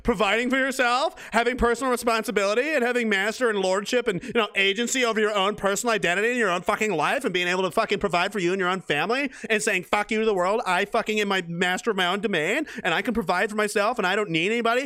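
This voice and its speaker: A man's voice: high voice, rapid-fire, hardly any pauses, sharp tone, dry recording, studio quality. A man hosting a livestream, reading chat aloud and ranting in a blunt, angry, heavily profane way. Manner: angry, blunt, swearing constantly.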